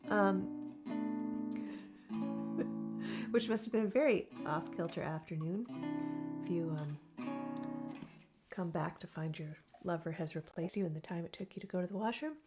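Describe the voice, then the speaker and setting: A young woman, a singer-songwriter hosting her weekly music show, chatting casually between songs in a rambling, storytelling way. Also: medium pitch. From Canada. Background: her own acoustic guitar.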